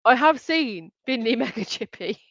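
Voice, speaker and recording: A woman's voice: on the high side, expressive, moderate pace, fairly bright tone, no room sound, highs cut off. A woman hosting a live online quiz, reading out answer options and names in a chatty way and giggling often. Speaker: quiz host.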